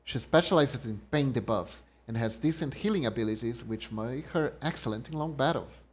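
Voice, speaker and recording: A young man streams a game at medium pitch and a moderate pace, musing to himself and reading the game text aloud. It's casual commentary, with faint game music in the background.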